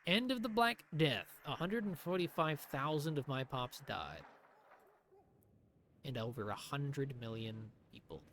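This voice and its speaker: Man muttering and shouting over his game. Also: mid-range voice, animated, a little slow, a little hiss or hum. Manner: sarcastic, swings from mutters to shouts. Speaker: streamer. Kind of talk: live gameplay commentary.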